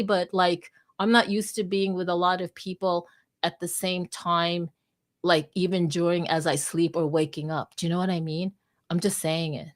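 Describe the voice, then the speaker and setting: A woman's voice: mid-range voice, a bit bright. A woman hosts a casual live chat, talking openly and at length. She rambles and often restarts her sentences. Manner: rambling, candid, many restarts. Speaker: host of a live audio space.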